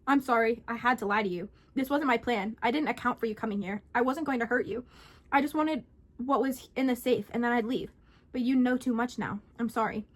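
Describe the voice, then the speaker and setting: A woman's voice: a little high, fairly quick, natural voice. A woman voicing a desperate, bitter young man who pleads and then rages in a spoken scary story. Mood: pleading. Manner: pleading then raging, blaming.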